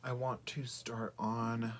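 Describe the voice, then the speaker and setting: A man chatting casually through a makeup tutorial, often dropping to a soft half-whisper while he works. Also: medium pitch, completely flat delivery, takes it slowly. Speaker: beauty vlogger.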